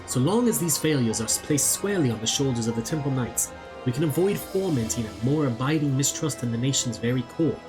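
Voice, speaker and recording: A man voicing a dutiful male temple knight, reading game dialogue aloud in an earnest, formal, measured way. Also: medium pitch, animated, over music, close to an everyday voice. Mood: solemn.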